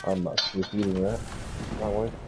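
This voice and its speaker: A curt, dismissive man with a fairly low voice. He sits back from a noisy mic in a casual voice chat. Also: level tone, brisk. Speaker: chat participant.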